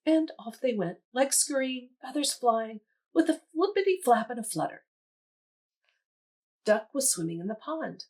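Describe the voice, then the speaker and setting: A woman museum educator reading a picture book aloud to young children. Her voice rides up and down with lively expression, pitched a little high and breathy. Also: unhurried. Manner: animated, friendly teacherly. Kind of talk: children's storybook read-aloud.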